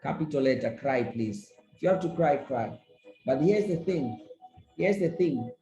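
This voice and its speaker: A man delivers a motivational business training talk, hammering his points home by saying them twice. His voice is mellow and dark, and it rings off the walls of an echoey room. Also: fairly high pitch, lively intonation, measured pace, soft background music. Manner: repetitive, emphatic, encouraging.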